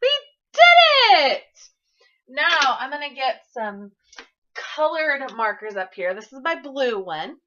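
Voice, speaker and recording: A woman teacher giving an early-grade classroom lesson to camera, sing-song and encouraging, speaking slowly for young children. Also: sits high, expressive, sharp tone, lo-fi sound.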